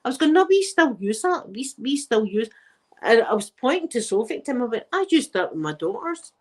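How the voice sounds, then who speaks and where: A woman's voice: on the high side, big pitch swings, a little fast, a little mellow. A middle-aged woman from Glasgow with a Glaswegian Scottish accent, chatting casually and rambling as she tells stories, often laughing. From Scotland. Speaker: channel host. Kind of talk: casual chat.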